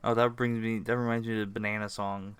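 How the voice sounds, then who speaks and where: A man hosting a casual podcast chat, asking questions and talking in quick bursts. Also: lowish voice, flat delivery, smooth, dry recording. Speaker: podcast host and streamer.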